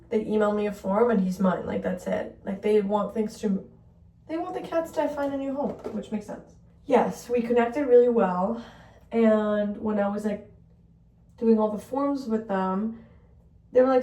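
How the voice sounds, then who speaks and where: A woman's voice: mid-range voice, fairly even intonation, moderate pace, dark tone. A young woman vlogging in a casual chat, rambling through a story and filling it with "like". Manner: chatty, heavy use of "like", rambling storytelling. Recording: roomy sound from a distance.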